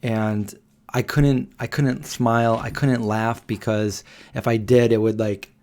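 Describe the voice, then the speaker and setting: A man in his forties hosts a live Q&A stream, telling a rambling story full of fillers and restarts. He speaks unhurriedly in a medium-pitched, steady voice with a darkish tone.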